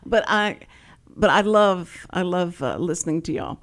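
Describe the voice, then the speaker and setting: A woman's voice: lowish voice, a little slow. A woman with a Texan accent hosting a radio show, chatting and rambling into stories at a studio mic. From Texas. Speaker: radio host. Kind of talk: casual on-air chat.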